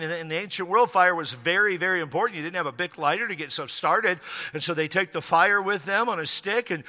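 Bright, animated preaching man in a reverberant hall. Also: high-pitched. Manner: animated storytelling with humor and acted prayers. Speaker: pastor. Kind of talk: sermon.

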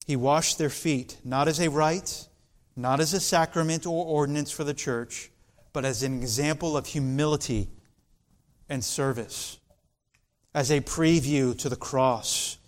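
A man preaching an expository sermon as pastor, slow and deliberate, building to emphatic passages. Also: fairly high pitch.

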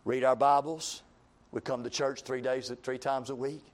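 A man preaching a sermon, reading scripture in an old-fashioned cadence and swinging between impassioned shouts and low, quiet passages. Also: flat delivery, normal speed. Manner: rising to impassioned shouts, then dropping low.

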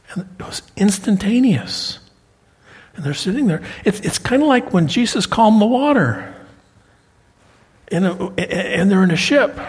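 A middle-aged man preaching a sermon as pastor, animated, his pitch leaping up for emphasis. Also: breathy edge. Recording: long hall reverb.

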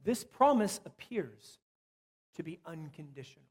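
A man preaching a sermon with emphasis, repeating key phrases and dropping to soft asides. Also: a little high, very animated, a little slow, breathy edge, in a large hall. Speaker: pastor.

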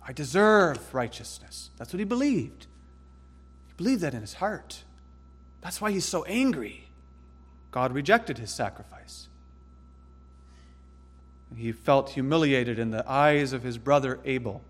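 A man preaching a sermon with emphatic, dramatic delivery, slowing to stress words and speeding through asides. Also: mid-range voice, expressive, breathy edge, long reverb tail. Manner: emphatic, dramatic, swings between slow stresses and quick asides.

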